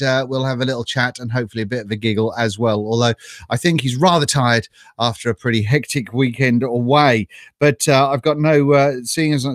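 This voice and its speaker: Middle-aged man, chatty live-stream host, slightly high voice, dry webcam sound, self-mocking. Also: fairly bright tone, no echo. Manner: chatty, self-mocking, laughs often, greets viewers by name. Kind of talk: casual live stream chat. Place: home.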